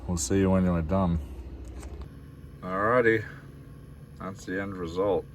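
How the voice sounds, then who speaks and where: A very low-voiced Australian man rambles through a cooking vlog in his camper van, peppering his chat with fillers and friendly asides to the viewers. Under his voice there is a faint hiss of background noise. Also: fairly even intonation, measured pace. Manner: chatty, rambling, many fillers, addresses viewers as guys. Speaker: van-life vlogger.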